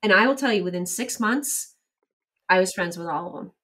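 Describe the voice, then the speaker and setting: A middle-aged woman speaking as an interview guest, telling lively stories and acting out quoted exchanges. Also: lowish voice, a little fast, far from the mic, slight background noise. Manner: animated storyteller, acts out quoted exchanges. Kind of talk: casual interview storytelling.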